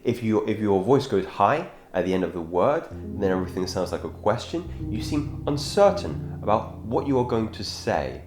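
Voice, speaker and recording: Deep-voiced man coaching in an echoey room. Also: big pitch swings. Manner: measured, thoughtful, self-correcting with fillers. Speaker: self-improvement channel host. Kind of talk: instructional monologue on speaking. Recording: echoey room with background guitar music.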